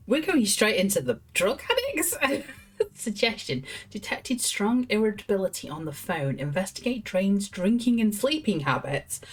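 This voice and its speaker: A woman's voice: medium pitch, big pitch swings, a little slow, slightly rough. A woman streamer giving chatty, amused commentary while playing a game. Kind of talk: live gameplay commentary.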